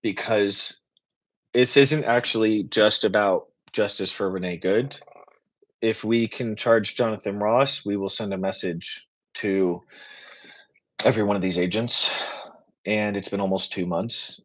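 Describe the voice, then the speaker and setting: A man hosting a live Q and A stream, talking in a passionate, rapid, rambling way. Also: lowish voice, fairly even intonation. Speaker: political writer and activist host.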